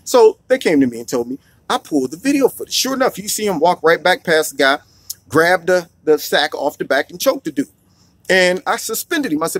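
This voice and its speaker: A man who was once a school principal gives an opinion monologue, animated and acting out the people he quotes. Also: high-pitched, fairly quick, breathy edge, dry recording. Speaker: political commentator, former school principal.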